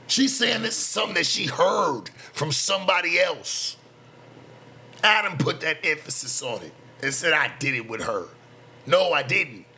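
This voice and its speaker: A late night talk show host in his thirties rants at normal speed in a bright, forceful voice on the high side, sounding animated. He's boastful and defensive, swearing and using heavy slang throughout.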